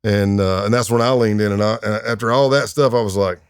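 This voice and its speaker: This middle-aged retired FBI undercover agent talks fast in a lowish voice with a clean tone, telling crime stories as a podcast guest. His delivery is laid-back and casual, full of fillers and chuckles. It's recorded in a podcast studio with clean sound and no echo.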